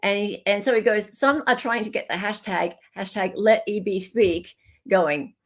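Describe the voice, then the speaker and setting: A woman's voice: mid-range voice, moderate pace. An Australian woman hosting a livestream in casual chat, reading out viewer comments, thanking viewers by name and laughing often. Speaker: livestream host.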